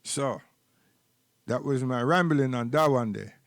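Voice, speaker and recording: A man's voice: medium pitch, a little slow, no room sound, studio quality. A man with a Jamaican accent giving rambling, preachy live-stream commentary and repeating words while he searches for the next one.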